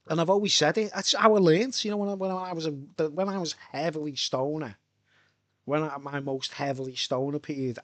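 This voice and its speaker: Man, casual streamer, rambling and chuckly, a bit high, dry close sound. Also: dry recording. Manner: rambling, chuckling between thoughts. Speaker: live streamer. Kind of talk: casual live-stream chat.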